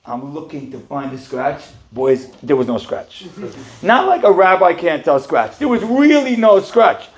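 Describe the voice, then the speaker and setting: A man, a rabbi, tells a personal story in an animated, conversational sermon and talks straight to his audience. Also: fairly high pitch, unhurried, husky.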